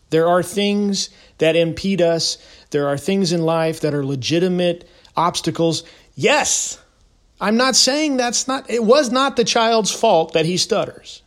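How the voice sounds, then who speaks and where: A middle-aged man delivers a motivational monologue, his voice sitting a little higher than most men's. He talks in a preachy, emphatic way, pushing up into loud insistence to hammer his points home. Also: normal speed. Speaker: podcast host.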